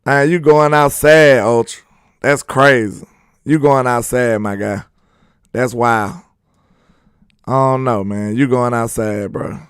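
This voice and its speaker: A young man hosting a sports live stream, reading chat and loudly teasing viewers with laughter. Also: mid-range voice, fairly even intonation, takes it slowly, long pauses, clean tone, no room sound, clean studio sound. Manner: loud trash talk, laughing and teasing viewers. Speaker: sports channel host.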